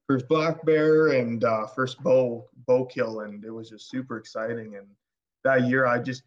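A man from Alberta, Canada, a podcast guest telling a story in casual chat, excitable and rambling with many restarts. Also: mid-range voice, measured pace. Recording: dull lo-fi podcast audio.

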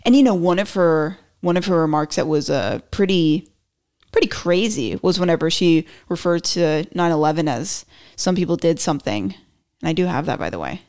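Low-voiced woman hosting a podcast. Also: lively intonation, normal speed, a little mellow. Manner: rambling, self-mocking, joking asides. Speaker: podcast host. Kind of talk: casual political commentary.

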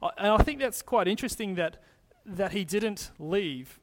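High-voiced casual preaching man. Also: animated, moderate pace. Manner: casual, restarting phrases, explaining scripture. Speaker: pastor. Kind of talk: conversational sermon.

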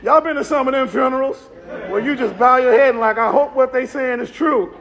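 A man preaching a funeral sermon as pastor, whooping and shouting in a rising chanted cadence. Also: very high voice, brisk. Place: church sanctuary.

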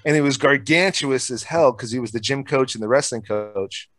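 A man's voice: medium pitch, normal speed, a bit bright, no room sound. Profane, laid-back storytelling man. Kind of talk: casual storytelling chat.

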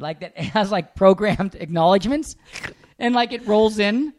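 A man's voice: high voice, unhurried, no room sound, clean studio sound. A man chatting casually with his wife, joking around with some swearing. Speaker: husband and co-host. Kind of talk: casual couple chat.

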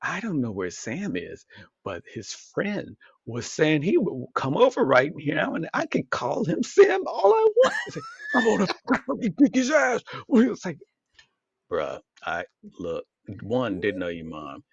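A man's voice: medium pitch, unhurried, vocal fry, slightly rough, no echo. A man co-hosting a podcast, telling a story in casual chat, swearing often and acting out what people said. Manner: animated, swears a lot, acts out quotes in shifting voices. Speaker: podcast co-host. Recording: dull lo-fi sound.

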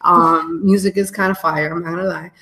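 A woman co-hosting a podcast live, chatting casually with slang and shout-outs over a phone mic. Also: fairly low pitch, fairly even intonation, brisk, creaky. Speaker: podcast co-host. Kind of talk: casual live-stream chat.

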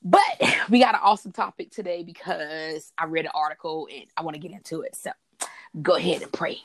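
A woman co-hosts a relaxed faith talk broadcast in a fairly low voice. She chats freely, laughs often and restarts sentences as she goes. The sound is dry and close, with no room around it. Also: fairly quick, creaky, dry recording. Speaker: podcast co-host. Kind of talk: casual faith talk chat.

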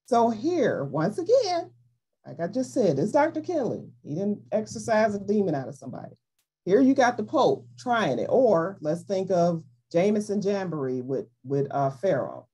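A woman teaching from the Bible in a loose, conversational way. Her pitch swings widely as she makes her points, and her voice has a slight husk to it. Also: normal speed, slightly rough. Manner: animated, playful, acts out voices in quotes. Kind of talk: informal Bible study teaching.

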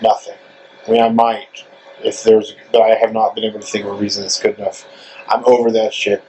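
A man's voice: fairly low pitch, completely flat delivery, brisk, mellow, a little hiss or hum, low-quality recording. A man hosting a casual podcast interview outdoors, chatty and joking with rambling asides. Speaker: podcast host. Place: outdoors in front of a store.

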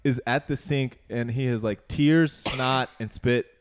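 Young man, casual chat, swearing a lot, rambling storyteller, mid-pitched voice. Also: unhurried, a little hiss or hum. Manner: animated, profane storytelling, heavy use of "like".

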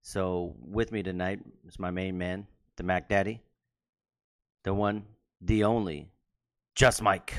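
A man with a fairly low voice hosts a casual podcast chat. He hands out big hype-man introductions and jokes loosely with his friends. He eats while he talks. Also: steady tone, slow, pauses often. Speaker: podcast host.

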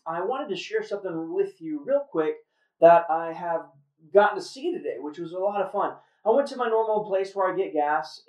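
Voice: medium pitch, darkish tone, lo-fi sound. A host telling a faith story in a casual, earnest way, with fillers and restarts. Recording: roomy echo, far from mic.

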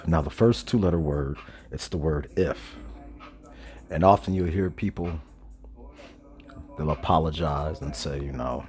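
A man hosting a casual monologue podcast, stoned, talking slowly and loosely with many pauses and self-corrections. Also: rumbling low, a little mellow. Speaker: podcast host. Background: faint background music.

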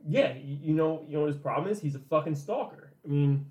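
A woman's voice: low-pitched, fast. A young woman chatting casually about a book, swearing and acting out the characters' lines. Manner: animated, swearing, mock-quotes characters. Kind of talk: casual podcast chat.

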